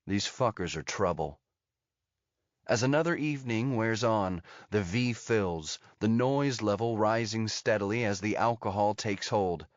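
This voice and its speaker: Man, audiobook narrator, measured scripted narration, low voice, muffled dry recording. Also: no room sound. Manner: steady, measured storytelling.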